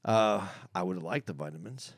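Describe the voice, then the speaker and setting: A man's voice: deep voice, lively intonation, normal speed, dry recording. A man co-hosting a comedy podcast who rambles, stammers through restarts and pokes fun at himself, close on a studio mic. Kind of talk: casual comedic banter.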